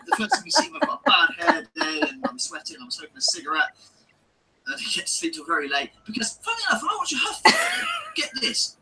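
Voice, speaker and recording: A man's voice: high-pitched, sharp tone, recorded from a distance, slight background noise, poor audio. A man delivering a heated, sweary, sarcastic ranting monologue in his own video.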